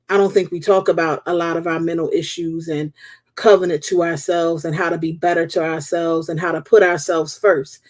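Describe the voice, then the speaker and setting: A woman's voice: fairly low pitch, a little mellow. A woman hosting a live stream and chatting casually, open and candid in a loose, conversational way. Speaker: host.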